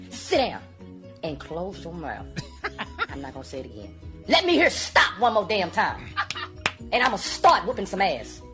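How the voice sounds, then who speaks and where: A woman playing a strict, bossy mother firing off scolding one-liners at her kids, over background music. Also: on the low side.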